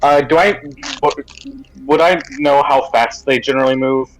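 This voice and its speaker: A man's voice: medium pitch, moderate pace, rough recording. Chatty joking man playing a tabletop game. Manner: chatty, jokey, says "right then". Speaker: player. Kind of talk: casual tabletop game chat.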